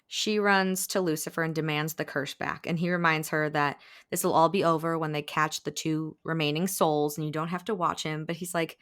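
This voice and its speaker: Brief: lower-pitched woman, animated book-recap host, acts out quotes. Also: moderate pace, hardly any pauses. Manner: animated retelling, acting out quotes, frequent laughs. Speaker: podcast host. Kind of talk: casual book-recap chat.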